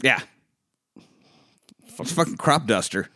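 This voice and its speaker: A podcast co-host with a medium-pitched, bright, forceful voice and lively intonation recaps a film in casual chat, cursing freely and acting out scenes in quick voices. The studio-quality recording has no room sound.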